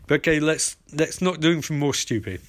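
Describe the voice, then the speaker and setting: A man's voice: a little high, a little fast, lightly acted. A man voicing a stern, exasperated father figure who scolds in a raised voice.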